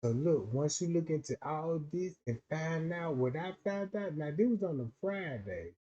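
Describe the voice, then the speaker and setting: A man's voice: fairly high pitch, lively intonation, moderate pace, dark tone, dull audio. A man streaming a casual, rambling monologue, slangy and full of repeated fillers.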